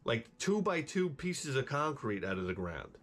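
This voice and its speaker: Profane, animated ranting man. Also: medium pitch, normal speed. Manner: profane, exasperated, animated ranting with mocking quoted voices. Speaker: gaming video host. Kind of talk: ranting storytelling over gameplay.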